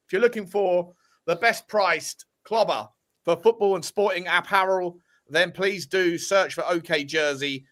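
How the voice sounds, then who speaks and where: A man co-hosts a casual football chat show, rambling through his talk in a loose, chatty way. His voice is bright and forceful and sits a little high. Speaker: podcast co-host.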